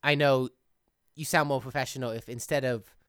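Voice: mid-range voice, fairly even intonation, normal speed, a bit bright, clear, resonant tone, dry recording, studio quality. A podcast host who edits the show, chatting casually in long, reflective run-on thoughts. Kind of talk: casual chat.

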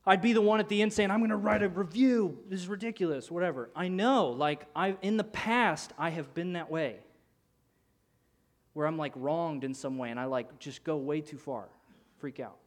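Man, pastor, sermon anecdote, slightly higher voice, acts out other people's lines. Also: moderate pace. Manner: animated storyteller acting out other people's voices. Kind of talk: sermon story.

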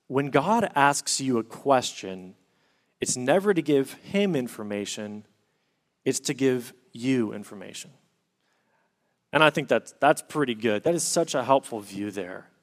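A man's voice: mid-range voice, expressive, a little slow. A man preaching a sermon, explaining scripture in an earnest way and reading passages aloud. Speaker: pastor.

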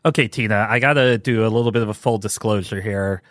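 A man's voice: fairly low pitch, fast talker, a bit bright, dry recording, clean studio sound, soft background music. A man from Ohio hosting a casual podcast, jokey and laughing at his own bits. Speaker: podcast host. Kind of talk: casual chat.

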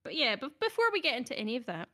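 A woman's voice: sits high, huge pitch swings, rapid-fire, bright, forceful tone. A young adult woman, hosting a podcast in a casual, hesitant, self-deprecating way, with many ums. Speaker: podcast host. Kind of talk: casual chat.

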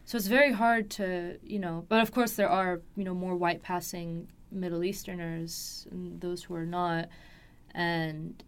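A woman's voice: on the low side, little pitch movement, measured pace, clear, resonant tone. A young woman born in France, talking in a casual interview, rambling with many fillers and restarts and laughing often.

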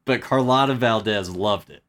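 A woman co-hosting a casual chat, retelling film scenes and slipping into quick voice impressions. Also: very deep voice. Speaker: podcast co-host.

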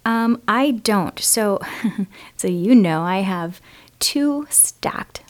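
A woman's voice: mid-range voice, animated, extremely slow. A woman co-hosting a podcast, talking in a chatty, enthusiastic way and laughing easily. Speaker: podcast co-host. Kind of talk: casual conversation.

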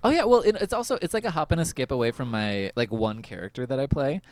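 A male podcast host chatting casually about a TV episode, laughing often and filling pauses with "um.". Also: medium pitch, expressive, a little hiss or hum. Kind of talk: casual chat recapping a TV episode.

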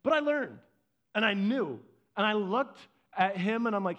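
A male pastor delivering a conversational sermon, telling stories and swinging from loud to hushed. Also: sits high, very animated, moderate pace. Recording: dull lo-fi sound.

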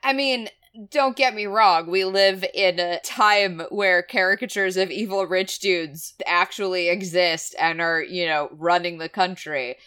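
A woman on a podcast adds wry, dry remarks to a casual film discussion. Her voice is bright and crisp, with a smooth, clear tone. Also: on the low side, a little slow. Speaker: podcast co-host.

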